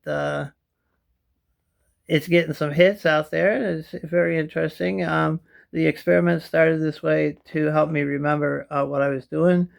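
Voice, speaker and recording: Gravelly, gap-toothed rambling vlogger man. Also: a little high. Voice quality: missing teeth. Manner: chatty, drifting asides, often dropping to a mumble. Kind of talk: rambling home vlog to camera. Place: kitchen at home, sitting in a chair. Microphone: camera in front of him.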